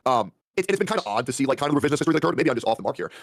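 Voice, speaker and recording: A man answers interview questions in a rapid-fire rush, hedging with constant fillers. The sound is dry and close, with no room around it. His pitch sits at an ordinary middle level. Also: expressive, dry recording. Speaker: streamer being interviewed. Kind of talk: casual interview talk.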